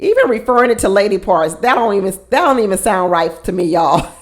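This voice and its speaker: A woman's voice: medium pitch, big pitch swings, brisk. A woman hosting a casual reality show recap, blunt and sassy, often repeating her points for emphasis.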